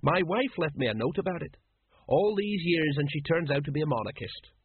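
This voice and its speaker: A man voicing a grumbling, blustery middle-aged watch sergeant in a husky, raised voice. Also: a little high, expressive, fairly quick, voice pushed up. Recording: dry, narrow phone-like sound.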